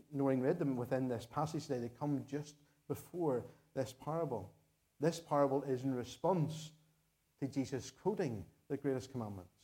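Northern Irish male pastor, mellow voice, earnest sermon delivery, repeats phrases for emphasis. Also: medium pitch.

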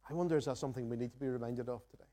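Standing at the front of a church sanctuary, a pastor preaches in a mellow, warm, medium-pitched voice, speaking rapid-fire. He is earnest and reflective as he reads scripture aloud and puts searching questions to the congregation.

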